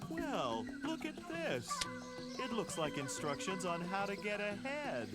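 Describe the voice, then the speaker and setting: An actor playing a friendly, helpful island cannibal in a video game, speaking with a lively sing-song delivery. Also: male voice, sits high, unhurried. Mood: helpful, chummy. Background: game music.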